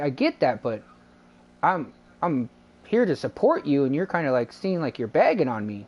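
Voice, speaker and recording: A man's voice: a little high, big pitch swings, a little fast, darkish tone. Guy streaming games, just rambling and retelling some beef, lots of "and i was like", swears a bunch. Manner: rambling, retells a dispute with lots of quoted back-and-forth; swears casually. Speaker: game streamer. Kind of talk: casual live-stream chat.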